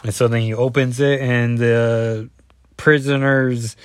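A man's voice: mid-range voice, little pitch movement, takes it slowly, clean tone. A man in his forties, casually recapping a comic book in a rambling way with asides. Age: 40s.

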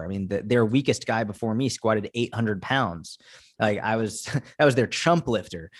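This podcast guest is a young fitness coach with a lowish voice, casually recounting personal stories in an interview and leaning heavily on fillers like "like." The sound is dry and studio quality.

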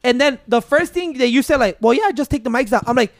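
A man's voice: very high-pitched, lively intonation, fast, no room sound, studio quality. A man co-hosting a podcast, blunt and heated in casual banter, swearing freely. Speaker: podcast co-host.

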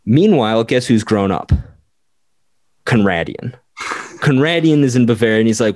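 Low-voiced man rambling through history. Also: expressive, moderate pace, pauses often, a little mellow, no room sound, clean studio sound. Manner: rambling, full of "like", acts out quotes. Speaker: podcast co-host. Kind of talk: casual history storytelling.

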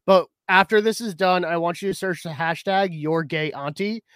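A man's voice: high-pitched, fairly even intonation, moderate pace, a bit bright, no room sound. Rambling man in a dry room. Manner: rambling, with restarts and "uh". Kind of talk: casual chat.

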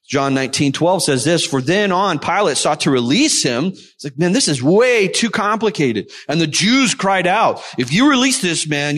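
Male pastor, sermon delivery, a touch higher-pitched, teaching tone. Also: a bit bright. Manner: explanatory, reads scripture aloud.

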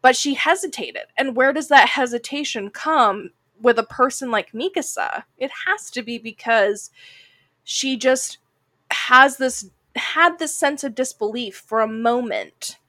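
A woman's voice: high voice, a little slow, sharp tone, no echo. A woman co-hosting a casual anime discussion podcast, chatty and full of "like" fillers, sounding a bit like a Valley girl. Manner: chatty, heavy use of "like" fillers. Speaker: podcast co-host.

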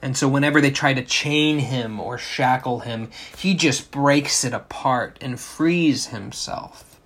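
Pastor guy going through scripture real slow, checks in with the crowd, right?. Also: medium pitch, fairly bright tone. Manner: slow, explanatory, asks rhetorical questions. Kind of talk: sermon.

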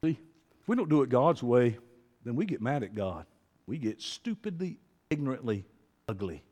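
Animated male preacher in echoing hall. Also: mid-range voice, moderate pace. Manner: rambling, swings between quiet musing and emphatic preaching. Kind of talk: sermon. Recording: long hall reverb.

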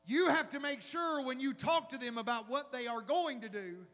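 Middle-aged male pastor, very high voice, lively sermon delivery, long hall echo. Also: normal speed. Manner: animated preaching with rhetorical questions.

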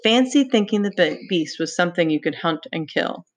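A woman voicing a taunting, sinister male pig's-head beast in a dramatic read-aloud, slow and deliberate. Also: lowish voice, animated. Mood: taunting menace. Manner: mocking, menacing, slow and deliberate.

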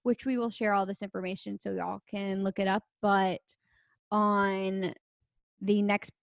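A woman's voice: medium pitch, flat delivery, measured pace, vocal fry, dry recording. Chatty young woman podcast co-host. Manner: earnest, chatty, many fillers. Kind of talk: casual chat.

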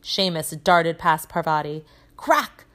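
A woman teacher reading a children's novel aloud, telling it in a lively way with voices for the characters. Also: on the low side, normal speed.

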